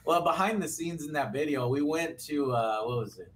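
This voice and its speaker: A man's voice: fairly high pitch, moderate pace, a little hiss or hum. A man from Texas, a guest on a casual livestream, telling stories with energy and acting out what people said. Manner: animated storyteller who acts out quotes.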